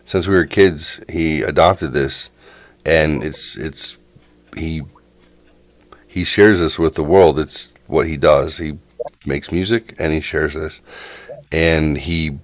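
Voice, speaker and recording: A man with an extremely low voice hosts a casual chat. He talks in animated, halting bursts and often restarts his sentences. The sound is dry and close. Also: no echo. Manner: animated, halting, quotes others in lively bursts. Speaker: podcast host.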